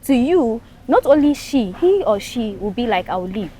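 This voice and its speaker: A woman's voice: a little high, very animated, moderate pace, warm tone, a little hiss or hum. Frank Ghanaian woman talk show panelist. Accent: Ghanaian English. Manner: frank, emphatic, mixes in local phrases. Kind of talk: casual talk show discussion.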